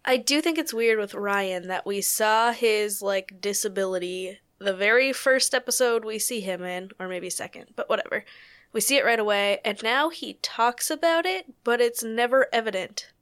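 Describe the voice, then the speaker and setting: A woman's voice: a little high, normal speed, a bit bright, clean tone. A woman co-hosting a casual podcast chat, enthusiastic. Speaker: podcast co-host.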